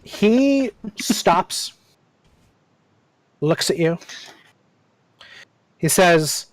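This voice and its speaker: A game master narrating a tabletop game at an unhurried pace, pausing and restarting often. The sound is dry and close. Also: mid-range voice, animated, no room sound, low-quality recording. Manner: slow, hesitant narration.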